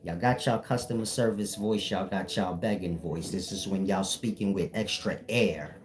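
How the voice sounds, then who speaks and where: A man acting as a spiritual teacher, lecturing his viewers bluntly in a firm, defined voice with no softness. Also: low voice, normal speed, music in the background. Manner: blunt, lecturing, scolding the audience. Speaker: self-styled spiritual teacher. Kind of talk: preachy solo monologue to viewers.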